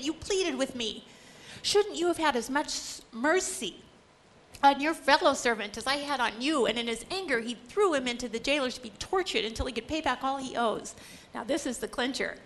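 A woman's voice: high voice, normal speed, a bit bright, a little hiss or hum. A middle-aged woman giving an earnest, emphatic Catholic Bible lecture, acting out the quoted lines. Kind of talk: lecture on scripture.

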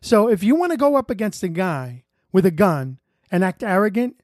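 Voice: mid-range voice, sing-song, normal speed, darkish tone, dry recording, studio quality. A co-host in a religious commentary discussion, speaking bluntly and arguing through rhetorical questions.

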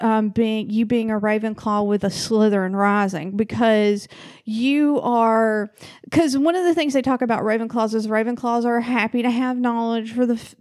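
Female podcast co-host, casual and jokey, crude at times, slightly high pitch. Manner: animated, jokey, swears freely. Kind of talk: casual chat.

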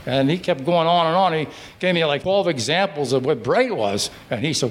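An older man from Pittsburgh telling his service stories at a live breakfast gathering in a restaurant, in a halting, rambling way with many restarts. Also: on the high side, lively intonation. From Pittsburgh, Pennsylvania. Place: restaurant dining room.

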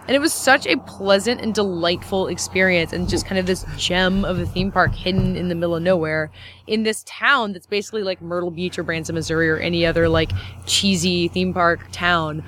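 A woman's voice: lowish voice, fairly quick, a bit bright, a little hiss or hum. A young woman from the American South, co-hosting a podcast in a chatty, rambling way full of "like" and "um". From Southern United States. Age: young adult. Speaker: podcast co-host. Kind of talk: casual chat and interviewing.

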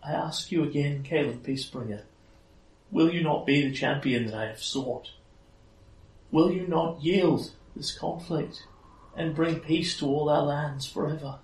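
A man's voice: a little high, a little slow, voice pushed up. A man voicing a sorrowful, regal fae queen who speaks solemnly and pleads. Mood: sorrowful, pleading. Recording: echoey room, mic at a distance.

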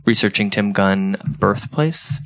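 A man's voice: fairly low pitch, takes it slowly, a bit bright. A man hosting a casual podcast who jokes and moderates the panel. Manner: playful, joking, moderating. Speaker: podcast host.

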